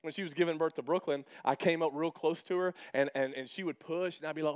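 A man's voice: fairly high pitch, fast, hardly any pauses, clean tone. A man in his thirties preaching a casual sermon as a pastor, chatty and humorous, acting out quoted exchanges in his stories.

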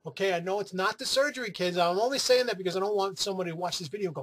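A man's voice: high voice, racing, noisy background. A man from New City, chatting casually to camera in a rambling, profane way with playful asides. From New York City. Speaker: weight-loss vlogger.

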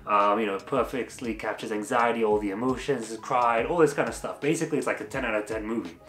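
A man's voice: medium pitch, fast talker, fairly bright tone. A man giving a casual spoken movie review, chatty and rambling, with laughs between his points. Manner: chatty and rambling, full of fillers. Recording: echoey room with faint music.

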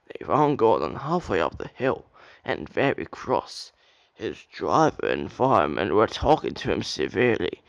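A man's voice: on the low side, big pitch swings, a little slow, vocal fry, no echo, dull audio. A young man reading a children's railway story aloud as an amateur narrator, with occasional slips.

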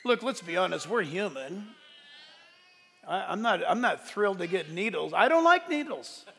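A male pastor preaching a sunrise service sermon, animated and shouting at the high points, with joking asides. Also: normal speed, gravelly, slightly rough, long reverb tail.

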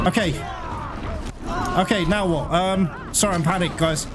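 Excitable young man over loud game music. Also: high voice, unhurried, over a noisy crowd. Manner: excitable, panicky, swears often. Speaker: gaming channel host. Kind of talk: live gameplay commentary.

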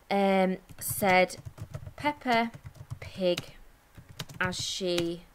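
There's slight background noise as a woman with an English accent, a primary school teacher, delivers a recorded lesson in a mid-range voice. Her explanations go step by step, and she slows down for dictation.

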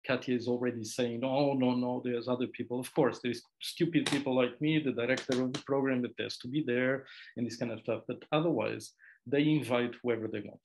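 A man's voice: mid-range voice, fairly even intonation, brisk, vocal fry, low-quality recording. A middle-aged man who directs a doctoral programme, giving an informal, conversational presentation to students, with digressive, self-deprecating asides.

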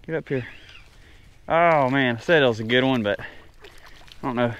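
A man narrating a casual fishing vlog from a small boat on a creek, talking excitedly to the fish and his viewers. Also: medium pitch, moderate pace, clean tone, highs cut off. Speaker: fishing vlogger. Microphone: chest-mounted action camera.

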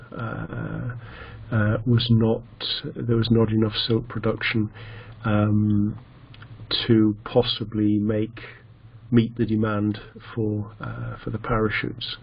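A male English teacher lecturing slowly, with many fillers and restarts. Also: fairly low pitch, breathy edge. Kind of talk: online lecture. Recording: dull lo-fi sound.

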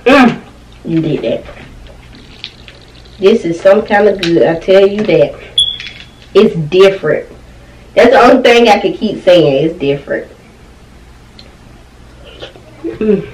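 A young mukbang vlogger with a lowish voice chats casually at home while eating on camera, her kids nearby, giving a relaxed food review punctuated by many appreciative "mm"s as she tastes. The mic sits far away in a roomy space, picking up slight background noise.

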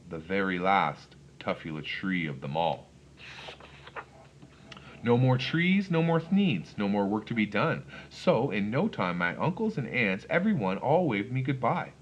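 Lively, expressive storybook reader, man. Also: lowish voice, highs cut off, slight background noise. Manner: expressive, rhythmic first-person reading. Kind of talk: read-aloud rhyming storybook narration.

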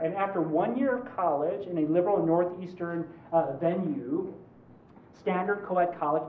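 A man in his forties, a law professor giving a conversational lecture, animated and joking, with quick asides. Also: sits high, a little hiss or hum. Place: large lecture hall. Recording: roomy, distant, dull hall recording.

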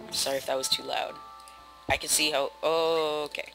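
A young man rambling through casual, self-mocking commentary while playing a building game, with sudden loud outbursts. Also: on the high side, flat delivery, normal speed, vocal fry, poor audio. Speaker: gaming video host. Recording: game music playing behind. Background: game music.

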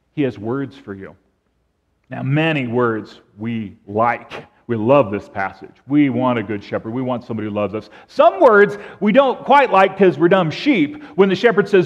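With a mid-range voice at normal speed, a man preaches as pastor in a church sanctuary. His storytelling is animated, complete with imitations of sheep bleating and calling. The recording is dull, and the church's reverb lingers long.

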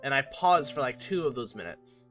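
A man's voice: mid-range voice, big pitch swings, moderate pace, a bit bright, soft background music. A young man giving a casual, joking and self-mocking voice-over on his own gameplay footage. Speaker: gaming channel host.

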